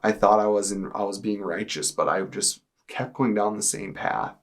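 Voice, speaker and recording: A man in his twenties giving a personal testimony to camera, in a casual, halting way with many fillers. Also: fairly low pitch, fairly even intonation. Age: 20s. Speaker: testimony speaker. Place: indoors, speaking to a camera.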